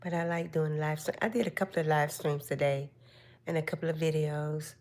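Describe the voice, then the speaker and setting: An older woman hosting a casual live stream chat, giving slow, gentle, motherly advice to her viewers. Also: low-pitched, fairly even intonation, slight background noise.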